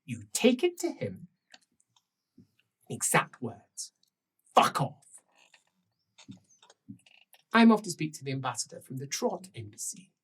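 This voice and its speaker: A game master voicing a defiant countess who dismisses everyone with curt, swearing bluntness. The husky voice swings widely in pitch and sounds a little distant from the mic, as in a recorded tabletop session. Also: huge pitch swings, moderate pace. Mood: angry. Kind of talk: improvised tabletop role-play.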